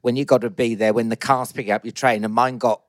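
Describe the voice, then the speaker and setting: A man's voice: mid-range voice, steady tone, a little fast, dry recording, studio quality. A man guest on a chat podcast, telling a comic anecdote with punchy, camp delivery. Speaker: guest comedian.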